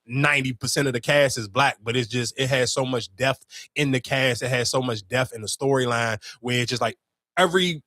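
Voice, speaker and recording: A young adult man hosting a podcast, telling a story in animated, profane casual chat with sudden outbursts. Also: medium pitch, brisk, no echo, studio quality. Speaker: podcast host.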